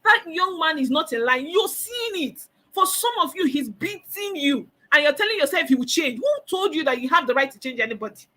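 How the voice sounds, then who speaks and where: Woman, high voice, motivational counseling talk, emphatic, repeats herself for effect. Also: lively intonation, brisk, bright, forceful tone. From Nigeria. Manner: emphatic, repeats phrases, acts out inner voices.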